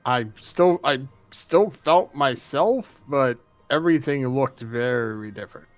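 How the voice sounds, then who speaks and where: A man's voice: mid-range voice, slow, no echo, soft background music. A man playing a character in a tabletop game, giving short, matter-of-fact replies. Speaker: player. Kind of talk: casual in-character play.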